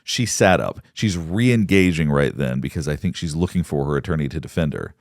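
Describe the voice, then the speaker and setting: Deep-voiced man giving analytical commentary. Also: animated, gravelly. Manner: explanatory, measured, pauses to point things out. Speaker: psychologist commenting on court footage.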